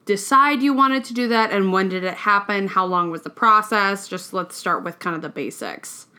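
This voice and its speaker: A woman hosting a casual interview, eager and quick to exclaim. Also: mid-range voice, pushed and bright. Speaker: host.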